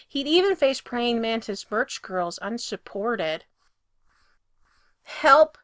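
A woman reading a story aloud with lively, expressive narration that swells when the scene gets exciting. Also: on the high side, a little slow, no echo, clean studio sound. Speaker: reader.

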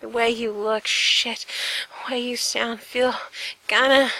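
A woman playing a young man lover, eager and foul-mouthed, bright and a bit raised in pitch. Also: slow pace, no echo, heavily acted, poor audio. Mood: excited. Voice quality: hushed and swearing, breaks off mid-sentence.

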